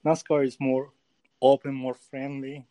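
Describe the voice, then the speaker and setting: Slow, hesitant man searching for words. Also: mid-range voice, level tone, mellow, no room sound. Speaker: sports photographer guest. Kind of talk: casual interview chat.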